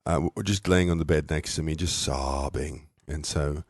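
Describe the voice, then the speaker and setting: Soft-spoken father with a very deep voice. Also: fairly even intonation, normal speed, husky, no room sound, studio quality. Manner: soft-spoken storytelling, hesitant fillers. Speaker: co-host. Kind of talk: casual podcast chat.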